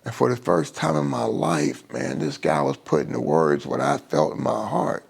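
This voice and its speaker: A middle-aged man sharing his recovery story in an emotional personal testimony on a live stream, halting often and restarting his sentences. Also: on the low side, huge pitch swings, gravelly, husky. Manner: halting, with many restarts and fillers.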